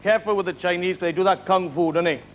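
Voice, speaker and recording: A Welsh man doing stand-up comedy on a live talent show, firing off quick one-liners and chuckling at his own jokes. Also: sits high, highs cut off, noisy background. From Wales. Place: television studio stage before a live audience. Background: studio audience laughter.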